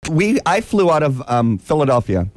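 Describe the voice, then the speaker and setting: A man telling a comic travel story in a casual chat, animated and excitable, often mimicking other people's voices. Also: a little high, normal speed, no echo. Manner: self-described impatient, excitable.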